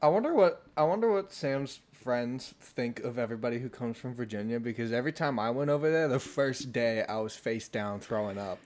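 A man in casual chat, reacting briefly and asking quick questions. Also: medium pitch. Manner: short reactive interjections, relaxed.

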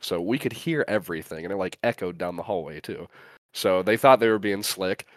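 A man's voice: sits low, brisk, no room sound. A young man from the US Midwest, co-hosting a podcast in loose, rambling casual chat full of "like" and restarts. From US Midwest, Great Lakes state. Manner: rambling, filler-heavy, relaxed. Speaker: podcast co-host.

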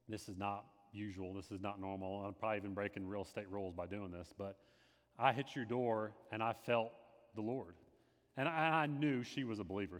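A man giving an earnest personal testimony in sermon style, repeating phrases and moving between hushed and emphatic delivery. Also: fairly low pitch. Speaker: lay speaker giving a testimony. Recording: long reverb of a hall.

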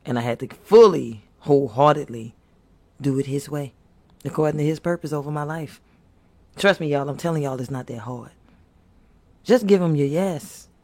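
A man's voice: fairly high pitch, normal speed, long pauses, darkish tone. A man preaching to his viewers with impassioned, earnest exhortation, pleading and repeating himself. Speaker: faith speaker.

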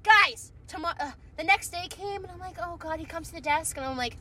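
A woman's voice: extremely high pitch, a little fast, pushed and bright, recorded from a distance. A woman co-hosting a podcast from inside a car, telling a work story in casual chat and swearing a lot. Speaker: podcast co-host.

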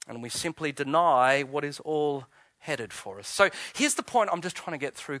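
A man's voice: fairly high pitch, a bit bright, dry recording, clean studio sound. A man preaching an Easter sermon in a conversational, questioning way, often restarting phrases. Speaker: pastor.

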